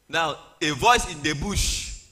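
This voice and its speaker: A man, retelling a Bible story in a humorous, animated sermon with pidgin asides. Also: fairly high pitch. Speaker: preacher.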